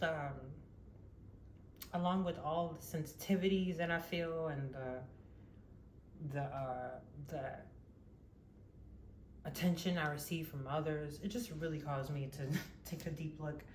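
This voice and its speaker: A young woman telling a personal story in a casual monologue, rambling with many fillers and frequent laughs. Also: sits low. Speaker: vlogger. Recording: echoey room with faint noise.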